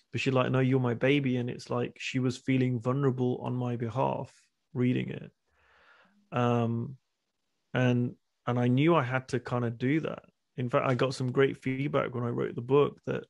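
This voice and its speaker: A man's voice: mid-range voice, vocal fry, a little mellow. A man in his thirties talking candidly as a guest on a video call, often restarting his words. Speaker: guest speaker and men's retreat coach. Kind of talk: casual conversation on a video call.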